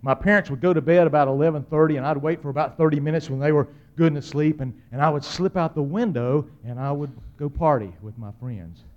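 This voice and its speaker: High-voiced preacher man telling stories. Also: fast talker, few pauses, lo-fi sound. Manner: animated, dramatic swings between loud and hushed. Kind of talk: humorous storytelling sermon.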